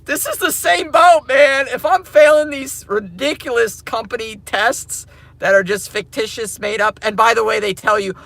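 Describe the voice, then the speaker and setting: A man ranting casually to camera as a crypto mining vlogger, excitable and slangy, laughing often. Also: very high-pitched, moderate pace, creaky, dry recording.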